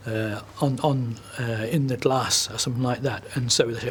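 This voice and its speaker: A man's voice: medium pitch, fairly quick, few pauses, slightly rough. A man speech expert explaining in an interview, acting out examples. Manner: explanatory, with demonstrations.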